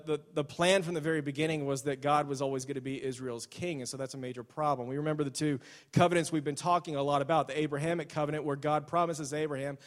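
A man preaching a sermon in a casual, storytelling way, often restarting his sentences. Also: on the high side. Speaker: pastor. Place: church sanctuary. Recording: long hall reverb.

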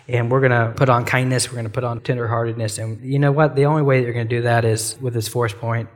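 A man's voice: medium pitch, level tone, fast talker, hardly any pauses, big-room sound. A man teaching on a Bible passage in a casual, conversational way, often saying "like" and "you know" and acting out quoted prayers and apologies.

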